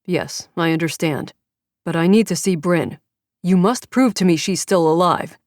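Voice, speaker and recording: A woman voicing a protective father and former agent, speaking in a steady, controlled and urgent way, in an audiobook. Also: lowish voice, normal speed, no room sound, clean studio sound, lightly acted. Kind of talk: audiobook character reading.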